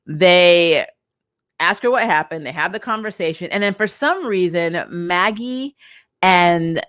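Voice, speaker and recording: A woman casually reviewing a TV episode, animated and exasperated, laughing between her points. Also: fairly low pitch, measured pace, smooth, dry recording, clean studio sound. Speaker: TV review vlogger.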